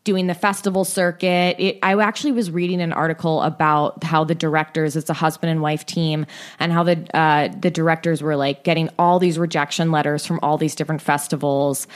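Chatty young woman podcast host, lowish voice. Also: fairly even intonation, brisk. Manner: chatty, many likes and restarts. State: tired. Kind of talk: casual true-story podcast chat.

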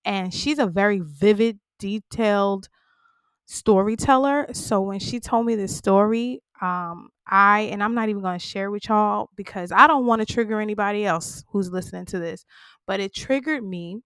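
A woman hosts her own podcast and opens up to listeners in a candid, heartfelt way, calling them y'all. She sounds shaken and close to tears, yet keeps going. Her voice sits at a middle pitch and is recorded dry and close. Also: normal speed, a bit bright, clear, resonant tone, no room sound. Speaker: podcast host. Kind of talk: personal podcast talk.

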